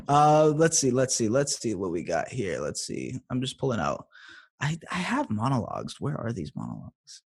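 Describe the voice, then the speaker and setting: A man's voice: mid-range voice, wildly swooping pitch, normal speed, gravelly, breathy edge. A man in his thirties from Canada, a playful podcast guest who repeats himself and restarts his sentences often. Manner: playful, repetitive, restarts a lot. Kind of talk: casual chat.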